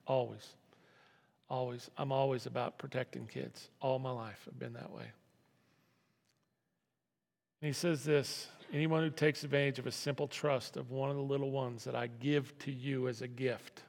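Male pastor, gravelly voice, conversational sermon with repeats, reverberant church. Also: medium pitch, steady tone, a little fast, few pauses. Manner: conversational preaching with restarts and repeated phrases. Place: church sanctuary. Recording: long reverb of a hall.

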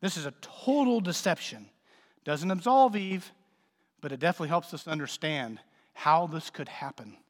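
A male pastor delivers a sermon with a notably high-pitched voice, casual and joking between forceful swells of emphasis. The sound rings with a long hall reverb. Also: animated, moderate pace. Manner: conversational, joking preacher with sudden emphatic swells.

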